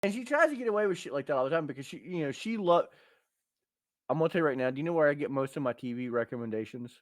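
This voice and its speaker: Rapid-fire and animated, this fairly high-pitched man in his thirties hosts a podcast, telling crude stories broken up by punchy asides. The recording is dry.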